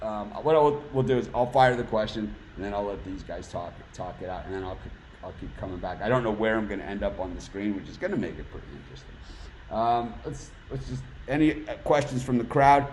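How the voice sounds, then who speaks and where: A man's voice: lowish voice, brisk, a little mellow, slight background noise, rough recording. A man hosting a casual sports betting chat, telling jokey stories between picks. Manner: chatty, jokey storyteller. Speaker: host.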